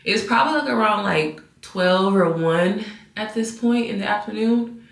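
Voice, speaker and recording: A woman's voice: medium pitch, normal speed, gravelly. A young woman vlogger chatting casually to camera from her bedroom, exasperated and ranting to her viewers. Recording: roomy echo.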